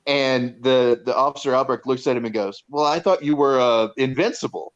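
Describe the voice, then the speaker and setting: A man's voice: mid-range voice, moderate pace. Rambling man retelling a movie, lo-fi. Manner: rambling storyteller with many fillers and restarts. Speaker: podcast co-host reviewing a movie. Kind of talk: casual chat, retelling movie scenes. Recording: dull lo-fi sound.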